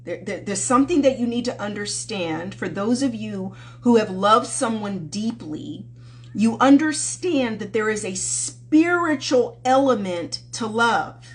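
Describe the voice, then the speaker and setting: A woman's voice: medium pitch, animated, a little slow. A woman love coach hosting a live-stream Q&A, chatting casually and affectionately with viewers and calling them sweetheart.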